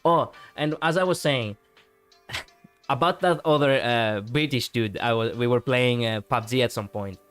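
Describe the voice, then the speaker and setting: A man's voice: mid-range voice, measured pace, fairly bright tone, smooth, soft background music. A man chatting casually on a live stream, rambling and reacting to viewers with many fillers.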